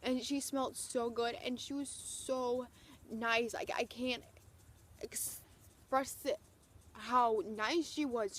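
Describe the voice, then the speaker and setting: Young woman vlogging, gushy and breathless, kinda high voice, faint hiss in the background. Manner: gushing, breathless, lots of "like" and "oh my gosh". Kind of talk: excited storytelling vlog.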